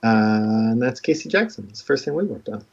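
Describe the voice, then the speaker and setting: A man's voice: lowish voice, lively intonation, a little fast, breathy edge. Self-deprecating male streamer, rambling, muffled mic. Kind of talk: casual livestream chat. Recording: dull lo-fi stream audio.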